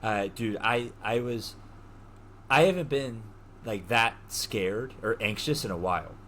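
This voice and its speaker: A young man co-hosting a podcast, telling a story in an animated way, laughing and swearing as he goes. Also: on the low side, unhurried, a little hiss or hum. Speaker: podcast co-host. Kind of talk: casual storytelling chat.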